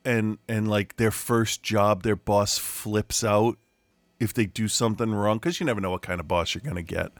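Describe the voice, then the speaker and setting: A lowish-voiced middle-aged man speaks at a normal speed, no echo, while co-hosting a podcast from his home room. The talk is casual and meandering, with frequent restarts and laughter.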